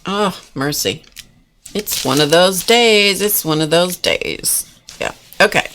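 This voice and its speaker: A woman's voice: on the low side, slow pace, fairly bright tone, a little hiss or hum. A woman hosting a casual live-stream art class from a home desk, chatting folksily with viewers as she demonstrates. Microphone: camera mic at a desk.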